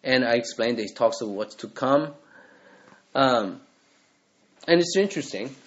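Male pastor, earnest conversational sermon, middle pitch, slightly muffled lo-fi sound. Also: expressive, moderate pace. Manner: earnest, conversational preaching with acted quotes.

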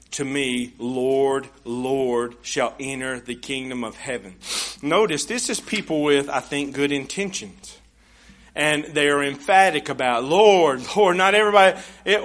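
A man preaching a sermon as pastor, passionate and emphatic, swinging between hushed asides and loud declarations. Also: fairly high pitch. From United States.

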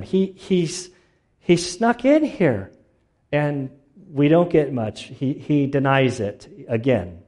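A man preaching a sermon in a loose, conversational way, full of asides, fillers and restarts. His voice is mellow and relaxed, and his pitch sits in an ordinary middle range for a man. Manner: casual storytelling with many fillers and restarts. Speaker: pastor.

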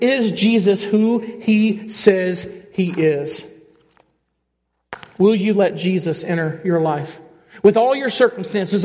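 A male pastor delivering an animated sermon, speaking straight to the congregation with frequent questions. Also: sits high. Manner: animated preaching, rising and falling, direct questions to the congregation. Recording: long reverb of a church hall.

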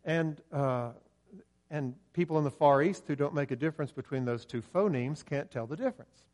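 Folksy older preacher from the Ohio River valley. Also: male voice, fairly high pitch, moderate pace, a little mellow. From southern Ohio, USA. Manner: folksy storytelling with frequent hesitations. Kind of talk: sermon.

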